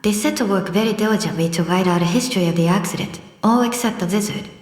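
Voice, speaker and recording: A woman's voice: mid-range voice, fast, a little mellow, soft background music. Woman reading a storybook in an echoey room. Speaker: audiobook narrator. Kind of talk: storybook narration.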